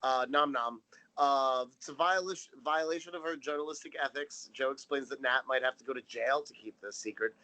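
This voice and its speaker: A man's voice: medium pitch, brisk, pushed and bright, poor audio. A man co-hosting a comedy podcast, summarizing a TV episode with wry, dry remarks. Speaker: podcast co-host. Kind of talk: casual comedic recap chat.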